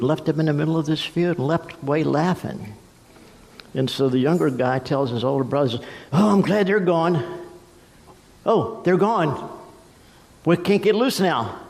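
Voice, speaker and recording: A man is preaching from the pulpit and telling stories, and he slips into the voices of the people in them. His voice sits in a middle pitch, and a long church reverb trails every phrase. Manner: storytelling, acts out voices with swings in pitch and pace. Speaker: pastor. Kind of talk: sermon. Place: church sanctuary.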